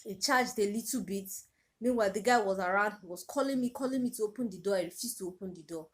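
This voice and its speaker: A woman's voice: mid-range voice, fast talker. A young Nigerian woman with a Nigerian accent, retelling a personal story in a vlog with urgent, repetitive emphasis. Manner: emotional, urgent retelling with repeated phrases. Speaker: vlogger.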